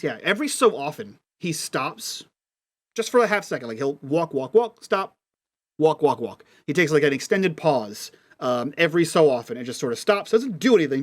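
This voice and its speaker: Game master man with a slightly high voice. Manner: relaxed, lots of ums and likes. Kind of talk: narrating a tabletop role-playing game.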